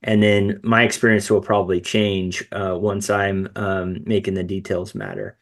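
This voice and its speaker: A man's voice: fairly low pitch, flat delivery, moderate pace, hardly any pauses. A man talking in a podcast conversation, telling stories in an earnest, reflective way.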